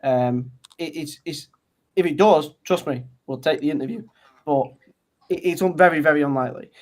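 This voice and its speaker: Relaxed British man, podcast guest. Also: a little high, moderate pace. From Britain. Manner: relaxed, hesitant with many "um"s. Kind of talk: casual podcast chat.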